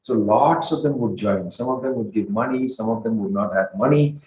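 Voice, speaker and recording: A man giving a devotional sermon, telling a sacred story with lively storytelling and sometimes acting out the characters. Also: normal speed. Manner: animated storyteller, acts out quoted dialogue with rising pitch and volume. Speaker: swami giving a festival discourse. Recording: roomy, echoey hall sound.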